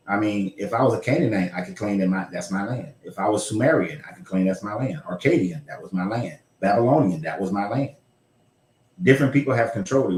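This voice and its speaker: A man talking in a blunt, rambling way, with the odd curse and laugh. His voice sits a little low. He is heard in a room with a noticeable echo. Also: a little mellow. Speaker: host. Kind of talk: casual livestream chat.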